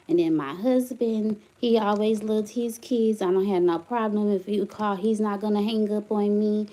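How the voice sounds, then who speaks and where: A young woman livestreaming to her chat from her phone, venting indignantly and getting loud as she complains. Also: on the high side. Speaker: vlogger, single mother.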